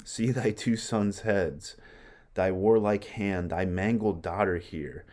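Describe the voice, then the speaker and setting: A man reading aloud the lines of a sorrowful older Roman brother in measured verse. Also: fairly low pitch, steady tone, a little mellow.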